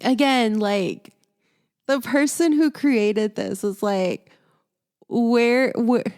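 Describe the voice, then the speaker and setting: A woman co-hosting a podcast in a playful, casual chat, quick to laugh. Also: fairly high pitch, a little mellow, clean tone. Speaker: podcast co-host.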